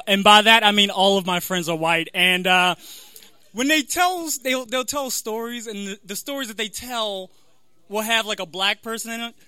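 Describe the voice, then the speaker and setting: A young man performing stand-up, talking in halting bursts full of fillers and self-deprecating asides. His voice sits very high for a man and is bright and sharp, with a lively swing in pitch. The sound is dry and close. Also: smooth, dry recording. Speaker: stand-up comic. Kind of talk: stand-up comedy.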